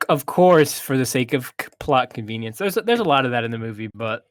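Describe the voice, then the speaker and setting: A man's voice: medium pitch, lively intonation, brisk. A man co-hosting a casual movie review chat, retelling the plot with hesitations and restarts.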